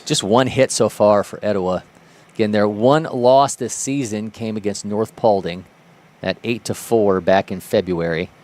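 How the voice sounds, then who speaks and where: A man with a low-pitched voice calls play-by-play for a baseball broadcast. He chats easily between pitches. His voice jumps up with excitement on strikeouts and outs. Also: normal speed. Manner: lively, rises sharply on big plays. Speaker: play-by-play commentator.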